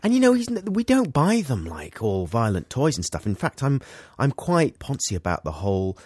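A man's voice: medium pitch, huge pitch swings, darkish tone, slightly rough, dry recording, studio quality. Rambling, laughing man. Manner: rambling and self-mocking, quick to laugh. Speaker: co-host. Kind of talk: casual comedy chat.

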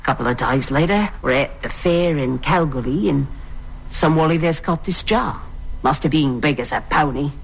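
A woman's voice: deep voice, moderate pace, gravelly, breathy edge, exaggerated voice, low-quality recording. An actress playing an old Australian countrywoman, telling a story in a laconic, matter-of-fact way, her Australian accent drifting toward South African. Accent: wobbly Australian drifting toward South African. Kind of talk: TV drama dialogue.

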